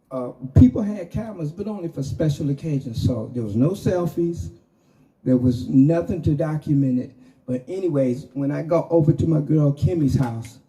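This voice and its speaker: Gravelly-voiced man telling a story. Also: on the high side, far from the mic, low-quality recording. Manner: animated, chatty anecdote with acted-out quotes. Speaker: podcast host. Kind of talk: casual storytelling.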